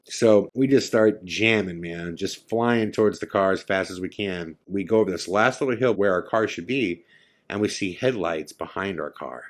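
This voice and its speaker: A man's voice: low voice, normal speed. A man from California, a podcast host, vividly telling a first-person ghost story and acting out the lines of the people in it. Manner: vivid, acts out his own and others' lines. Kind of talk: dramatic storytelling.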